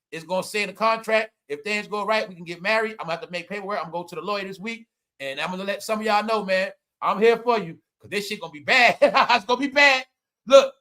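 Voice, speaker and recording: A man with a high, bright voice rants through a casual comedy commentary, talking straight to his audience. He is loud and profane, breaks into laughter often, and swings from shouting to muttering asides. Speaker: online commentator.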